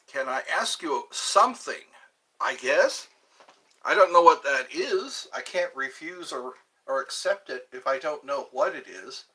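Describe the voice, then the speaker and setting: Male streamer, rambling casual chat; slightly high, bouncy intonation. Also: lively intonation, measured pace, bright, forceful tone. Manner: rambling, reads viewer questions aloud and answers. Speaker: livestream host.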